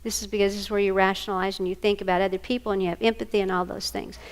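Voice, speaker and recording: With a rapid-fire delivery in a mid-range voice, a woman leads a workshop before a live audience. Her manner is animated as she tells stories and checks in with the room.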